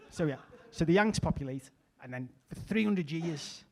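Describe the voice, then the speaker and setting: A middle-aged man performing a stand-up comedy set, chatty with deadpan asides and small restarts. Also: a little high, unhurried, slight background noise. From England.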